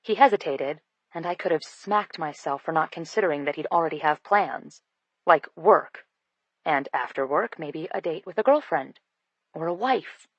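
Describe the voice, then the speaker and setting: Woman narrator, low voice, expressive comic storytelling, dry close-miked sound. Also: moderate pace, dry recording, lo-fi sound. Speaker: audiobook narrator. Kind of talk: first-person scripted narration.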